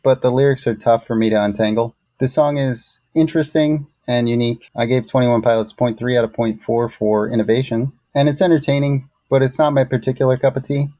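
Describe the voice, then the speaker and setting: A man co-hosting a music review show, reading his scores in a dry, measured way. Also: mid-range voice, darkish tone, no room sound. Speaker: co-host reviewing songs. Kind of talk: scripted podcast review.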